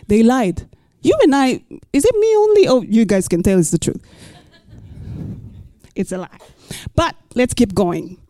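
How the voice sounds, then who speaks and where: Bright-voiced woman pastor preaching. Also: high voice, no echo. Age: middle-aged. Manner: expressive, playful asides, rhetorical questions. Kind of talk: sermon with scripture reading.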